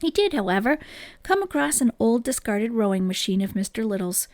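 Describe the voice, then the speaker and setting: A woman reading a children's book aloud in an expressive, gentle storytelling manner, close to the microphone. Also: a little high, a little fast, dry recording.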